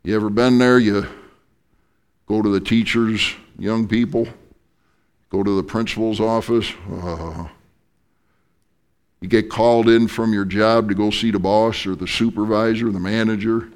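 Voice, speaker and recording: Animated joking male pastor preaching. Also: on the low side, measured pace, long pauses, smooth. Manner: animated storyteller, joking asides. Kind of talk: sermon.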